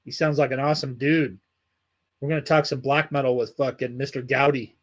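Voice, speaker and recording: A man's voice: mid-range voice, flat delivery, fairly quick. A man hosting a livestream, chatting casually and reading out viewer comments, with loose, heavily profane talk. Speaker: livestream host.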